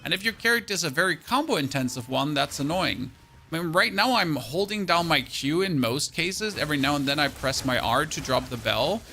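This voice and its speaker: Bright-voiced streamer. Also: male voice, on the high side, animated, fairly quick, a little hiss or hum. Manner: chatty, thinks aloud, thanks viewers. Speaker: gaming streamer. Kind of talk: live-stream gameplay commentary.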